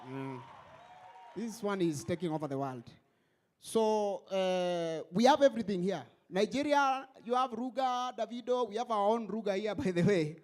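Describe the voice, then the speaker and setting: A man hosting a stand-up comedy show on stage, animated and mixing English with Swahili. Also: high voice, normal speed.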